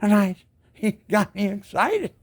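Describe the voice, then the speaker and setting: An elderly man, a disabled veteran in his seventies, speaks with a high voice that swings widely in pitch, moving a little slowly. Addressed straight to camera, his angry monologue is indignant and ranting, heavy with repeated words and rhetorical questions.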